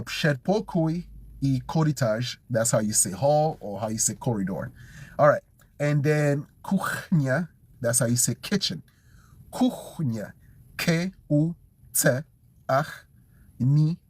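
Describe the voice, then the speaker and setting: A man learning Polish, thinking aloud and slowly repeating words to memorize them. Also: mid-range voice, lively intonation, husky, no echo. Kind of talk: casual self-study vlog.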